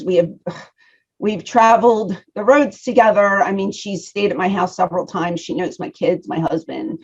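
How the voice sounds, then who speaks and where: A middle-aged woman with a Philadelphia accent, a guest talking frankly and chatting over a video call. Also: medium pitch. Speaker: guest, former wrestling personality. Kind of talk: casual interview chat. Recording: slightly dull lo-fi audio.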